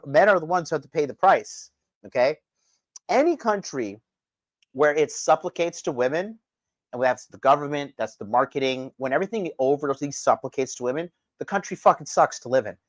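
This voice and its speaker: A man's voice: a little high, fairly bright tone, no room sound. A man hosting a livestream, ranting bluntly and profanely while reading the chat. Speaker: dating coach and livestream host. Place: indoors in Japan.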